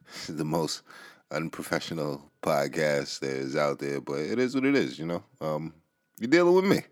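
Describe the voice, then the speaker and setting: A man's voice: rumbling low, moderate pace. A man hosting a casual podcast monologue. He talks in a loose, rambling way, with many fillers, restarts and profanity, and gets heated at times. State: relaxed from smoking. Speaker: podcast host. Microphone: home podcast mic.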